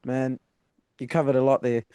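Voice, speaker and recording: A man hosting a podcast, asking questions in a relaxed, conversational way with some fillers. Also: medium pitch, moderate pace, smooth, dry recording. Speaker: podcast host. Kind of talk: casual interview.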